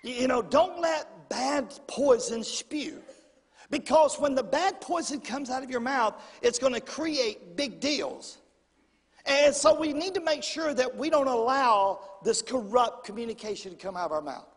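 A middle-aged man with a drawl preaches in a folksy, animated style, calling out to his congregation. His voice sits unusually high and sounds husky. A long reverb trails each phrase, as in a big church hall. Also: a little slow. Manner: folksy, animated preaching with audience call-outs. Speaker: pastor. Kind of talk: sermon.

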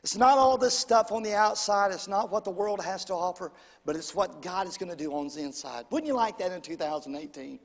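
High-voiced preacher in a hall. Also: male voice, expressive, fairly quick. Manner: call-and-response preaching, rising to emphatic bursts. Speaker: pastor. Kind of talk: sermon. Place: church sanctuary. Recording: echoey church hall.

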